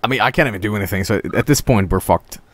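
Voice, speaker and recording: A man streaming a video game with casual commentary, profane and excitable, often cracking up laughing. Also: lowish voice, very fast, slight background noise.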